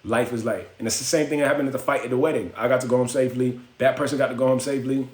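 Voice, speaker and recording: A man's voice: medium pitch, fairly even intonation, rapid-fire, darkish tone. A man hosting a phone livestream, telling a story in casual slang and acting out the voices of the people in it. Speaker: livestream host. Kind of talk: casual storytelling to live chat. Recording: echoey room.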